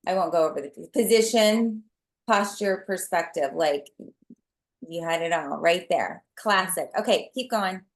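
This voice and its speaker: A woman's voice: lowish voice, measured pace. Enthusiastic woman coaching in an echoey room. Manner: enthusiastic, breaks down the sales steps. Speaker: team trainer. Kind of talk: coaching on a team training call. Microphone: video call.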